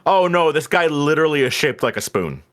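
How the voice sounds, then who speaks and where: A man's voice: a little high, very animated, a little fast, fairly bright tone. A young man chatting casually and profanely while livestreaming. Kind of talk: casual live-stream chat.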